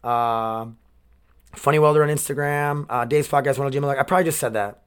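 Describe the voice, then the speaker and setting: A man in his twenties hosts a solo podcast, talking fast in a smooth, mid-range voice. His casual rant rambles and is full of swearing, he keeps restarting sentences, and he sounds emotionally worn down.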